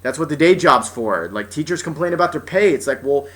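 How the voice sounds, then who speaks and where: A man's voice: a little high, expressive, fairly quick, a bit bright. A young man telling a personal story as an exasperated, profane rant, often restarting his sentences. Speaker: vlogger.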